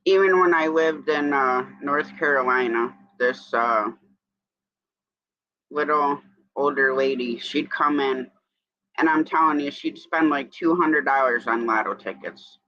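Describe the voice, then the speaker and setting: A man's voice: on the high side, measured pace, bright, forceful tone, no echo, lo-fi sound. A man from New York with an upstate New York accent, hosting a casual morning live stream and chatting in a rambling way while greeting viewers.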